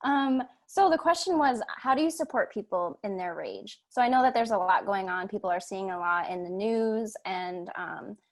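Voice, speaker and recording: A woman co-hosting a video blog, introducing the question in a hesitant, soft-spoken way with many pauses. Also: mid-range voice, expressive. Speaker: co-host.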